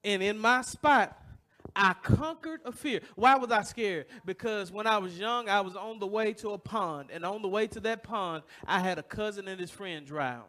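Preaching to his congregation in church, a pastor with a high-pitched voice speaks at normal speed. He tells a personal story, asks rhetorical questions, and acts out other people's voices, with loud bursts along the way.

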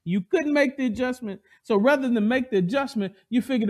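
A man preaching a sermon, emphatic and animated, asking the congregation call-and-response questions. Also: very high voice, a little fast.

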